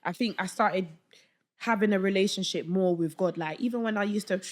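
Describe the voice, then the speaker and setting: A young woman, a podcast guest telling a story in casual chat, animated and slangy, acting out the voices of people she quotes. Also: mid-range voice, brisk. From London.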